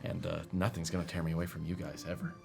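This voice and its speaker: A man playing a tabletop role-playing game, speaking softly and earnestly in character. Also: low-pitched, completely flat delivery, fast, gravelly. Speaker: player. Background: music.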